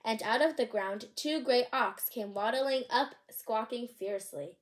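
A woman's voice: on the high side, a little slow. Bubbly woman reading storybooks aloud. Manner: chatty asides between read lines, bubbly; occasional stumbles over names. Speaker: channel host reading aloud. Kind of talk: reading picture books aloud.

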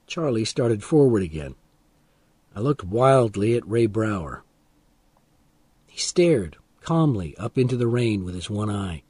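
A man reads a story aloud slowly and deliberately, with a lively, rising and falling delivery. His voice sits at an ordinary pitch. The recording is close and dry, with no room sound. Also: slightly rough, no room sound. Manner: slow, deliberate, expressive reading. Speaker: audiobook narrator. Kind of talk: scripted narration of a graded reader.

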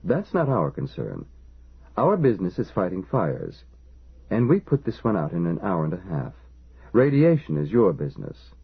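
A man's voice: deep voice, huge pitch swings, normal speed, creaky, breathy edge, full character voice. A man voicing a proud, sarcastic male fire brigade general who speaks curtly and dismissively. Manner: curt, dismissive. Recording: lo-fi phone-like audio.

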